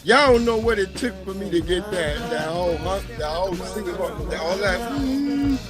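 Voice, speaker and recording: A man's voice: sits high, a little fast, music in the background. A man hosting a casual livestream, talking loosely with profanity and street slang. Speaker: livestream host.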